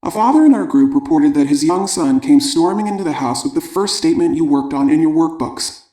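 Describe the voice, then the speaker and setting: A man reading a parenting audiobook in a calm, measured way. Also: on the high side, echoey room. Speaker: audiobook narrator. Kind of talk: scripted audiobook narration.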